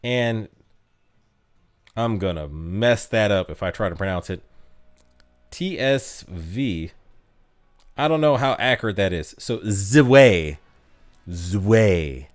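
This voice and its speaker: A man's voice: lowish voice, animated, a little slow, long pauses. A young man streaming a mobile game, chatting casually with his chat and laughing at himself. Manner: chatty, self-mocking, laughs often.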